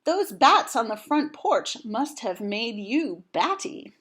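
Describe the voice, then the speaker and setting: Lady reading as a joking storybook husband, dry teasing, slow and lively. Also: on the high side, slightly rough, full character voice. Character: gruff, joking middle-aged man of the house. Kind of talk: storybook read-aloud.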